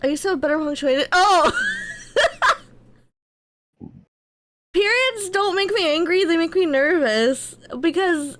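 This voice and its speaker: A woman's voice: very high-pitched, animated, takes it slowly, pauses often, a bit bright, a little hiss or hum. A woman streamer chatting casually on a live stream, telling loose stories with a lot of swearing. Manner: loose storytelling with frequent swearing.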